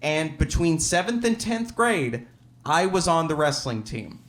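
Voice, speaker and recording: A man from Alabama tells a true story from a stage in a wry, self-deprecating way. His voice sits a bit higher than most men's, and he chuckles through his own punchlines. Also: sing-song, measured pace, fairly bright tone, slight background noise. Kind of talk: live personal storytelling. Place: theater stage.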